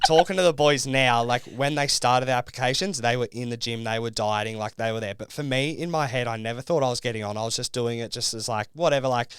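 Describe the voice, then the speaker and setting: A man's voice: mid-range voice, fast talker, few pauses, a bit bright, clean tone, no room sound, studio quality. A young Australian man and reality show contestant, telling his story in a casual podcast interview, rambling with lots of fillers.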